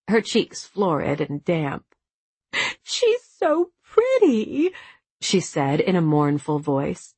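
A woman narrating a novel as an audiobook, with a measured, expressive reading. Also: low voice, slightly rough, no echo. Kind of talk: scripted narration.

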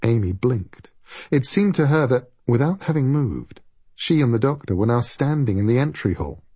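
A man narrates an audiobook in a steady, measured read. His voice is mellow and somewhat husky, recorded dry and close with no room sound. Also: mid-range voice, dry recording.

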